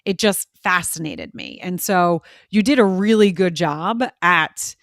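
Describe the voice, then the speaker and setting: A woman's voice: lowish voice, unhurried, no echo, studio quality. A woman hosting an interview, talking earnestly and animatedly, quoting herself as she tells stories. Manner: earnest, animated storytelling with quoted asides. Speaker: host. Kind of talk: casual interview chat.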